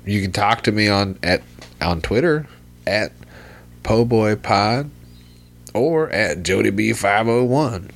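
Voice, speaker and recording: A man with a very low, gravelly voice hosts a podcast. He rambles in a loose, laid-back way and swears freely. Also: expressive, slow pace, long pauses. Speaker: podcast host. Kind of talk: casual podcast chat.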